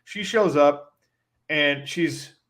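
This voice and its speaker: A man with a somewhat higher voice for his sex spins a rambling, animated story on a casual podcast. He talks loosely and leans on "like" as he goes, with the easy tone of a co-host chatting with a friend. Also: very slow. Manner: animated storyteller, heavy use of "like".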